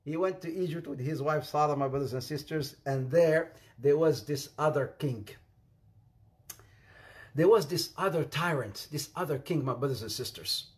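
A middle-aged man with an Arabic accent, whose first language is Arabic, preaching a sermon and telling stories with jokes, addressing the audience as brothers and sisters. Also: a little high.

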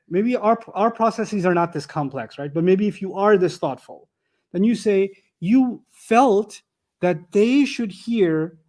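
Man, high voice, live classroom lecture, step-by-step explaining, rhetorical questions, joking asides. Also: a little mellow. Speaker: teacher.

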